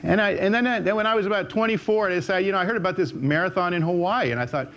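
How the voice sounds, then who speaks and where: An older man speaks into a stage mic with a voice that sits somewhat high for a man. He meanders through personal stories, stumbling over and repeating words as he goes. When he voices other people, his pitch jumps up sharply. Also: rapid-fire, a bit bright, a little hiss or hum. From United States. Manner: chatty storyteller with frequent restarts and repeated words. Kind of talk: storytelling talk on stage. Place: auditorium stage.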